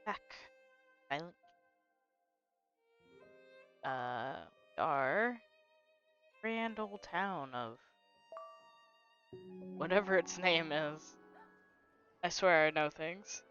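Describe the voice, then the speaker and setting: A woman's voice: sits low, lively intonation, extremely slow, long pauses, fairly bright tone. A woman casually commenting on a game playthrough and reading its dialogue aloud in a playful way. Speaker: gaming host. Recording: dull lo-fi with faint game music.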